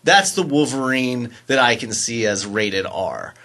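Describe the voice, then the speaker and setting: A man's voice: mid-range voice, lively intonation, a little slow, sharp tone. A man co-hosting a casual podcast chat, talking in a laid-back, slangy way with lots of fillers. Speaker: podcast co-host.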